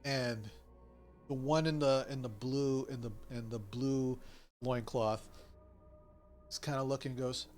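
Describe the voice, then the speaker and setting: A man narrating as game master, telling the scene in a relaxed way with many fillers. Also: mid-range voice, measured pace, pauses often, faint music behind. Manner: filler-heavy, relaxed storytelling.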